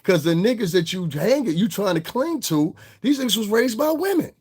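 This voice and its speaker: A man's voice: high voice, big pitch swings, moderate pace, a little mellow, breathy edge. A man hosting a livestream, ranting bluntly and profanely straight at his chat and slipping into mocking voices of others. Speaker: online show host. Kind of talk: casual livestream rant.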